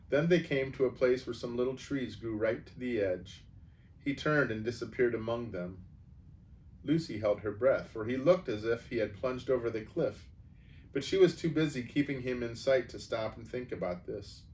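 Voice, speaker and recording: A man reading a children's novel aloud, expressive and changing his voice for the characters. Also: mid-range voice, recorded from a distance, a little hiss or hum. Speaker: storyteller.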